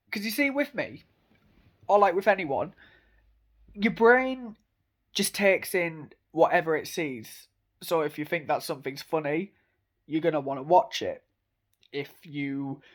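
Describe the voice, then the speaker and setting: Slow-talking, higher-voiced young man. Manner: enthusiastic, rambling with many fillers and laughs. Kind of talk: casual monologue.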